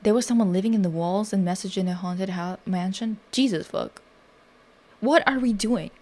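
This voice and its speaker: A woman's voice: mid-range voice, steady tone, a little fast, dark tone. Rambling, profane woman streamer. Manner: rambling, profane, self-interrupting. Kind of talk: casual livestream commentary.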